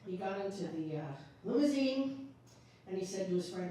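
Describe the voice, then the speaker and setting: A woman's voice: mid-range voice, normal speed, a little mellow, slight background noise. A woman singer telling an anecdote between songs at a live show, chatty, with asides to the audience. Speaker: singer and storyteller. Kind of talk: live concert patter. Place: library event room. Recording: echoey room from far off, music.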